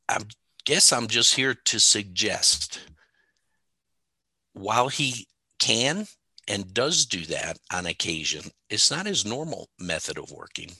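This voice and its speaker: A man's voice: medium pitch, bright, forceful tone, no echo. A man co-hosting a casual theology talk, telling stories with emphasis and frequent laughs. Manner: storytelling, emphatic, laughs often. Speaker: Bible teacher, co-host.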